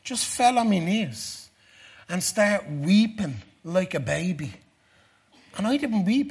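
A middle-aged man giving a testimony sermon, moving from quiet storytelling to loud, fervent preaching. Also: high voice, sing-song, takes it slowly, husky.

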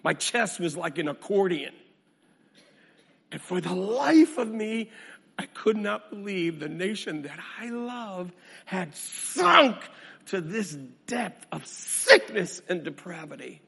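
A male preacher delivering a sermon in a high, bright voice with a gravelly edge. He speaks slowly, drops low for his storytelling and climbs loud for emphasis, repeating phrases in a preaching rhythm. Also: sing-song, long reverb tail. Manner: dramatic swings from hushed to booming; repetitive preaching cadence. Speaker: minister.

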